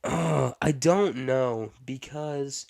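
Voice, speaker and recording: A young man hosting a casual solo podcast, rambling off the cuff and stopping now and then to cough and clear his throat. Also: medium pitch, drawn-out words, darkish tone. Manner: rambling, unscripted, self-interrupting. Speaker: podcast host.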